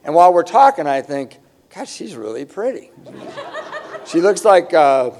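A man of around fifty telling a comic story live, self-mocking and animated, acting out the voices in it. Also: fairly high pitch, moderate pace.

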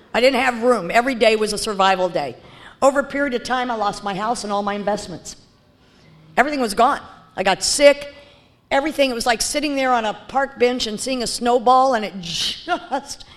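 A woman speaking bluntly and candidly as she shares her recovery story, with frequent fillers and restarts. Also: on the high side. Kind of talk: personal testimony talk.

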